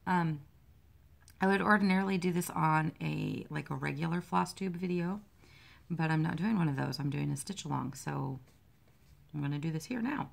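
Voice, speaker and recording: A woman's voice: sits low, normal speed, vocal fry. A woman vlogging casually about her cross-stitch designs, rambling, self-deprecating and easily distracted by her pets. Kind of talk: casual chat while stitching.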